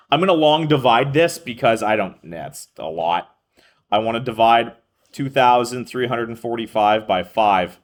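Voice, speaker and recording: A man's voice: medium pitch, expressive, moderate pace. A male math teacher explaining a lesson to a class, thinking aloud, correcting himself and calling on students by name.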